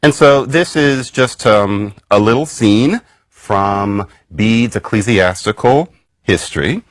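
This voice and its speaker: A man giving a recorded academic lecture in a wry, conversational way, jumping up high in pitch for emphasis. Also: animated, slow pace, no room sound. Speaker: university lecturer.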